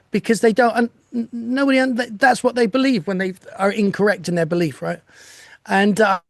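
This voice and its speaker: A man's voice: high-pitched, dry recording, studio quality. An older man speaking reflectively over a video call from home as an interview guest, with laughs and restarts. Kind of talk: casual chat.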